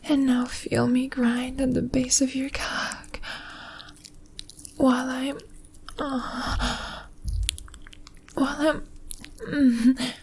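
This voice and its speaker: Woman, whispered role-play, breathy intimate whispers, high voice, very slow delivery. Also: level tone, darkish tone, slight background noise. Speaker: audio role-play performer.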